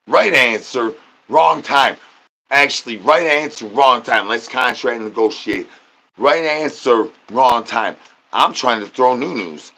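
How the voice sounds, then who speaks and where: A man rambling through a live-stream chat, chanting nonsense rhymes and catchphrases with sudden high-pitched outbursts. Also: vocal fry, sharp tone.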